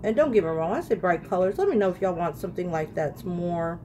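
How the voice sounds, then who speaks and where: A woman's voice: on the low side, expressive, quick pace, dark tone, a little hiss or hum. A woman chatting to her viewers while doing a makeup tutorial, ranting casually about lashes and palettes. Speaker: beauty vlogger.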